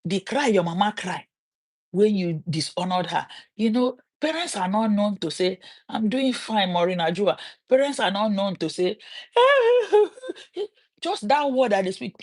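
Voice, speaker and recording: A middle-aged woman with a Nigerian accent, telling a story on a livestream and turning it into a sermon, with animated quoted voices and preachy asides. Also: medium pitch, normal speed. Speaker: livestream host.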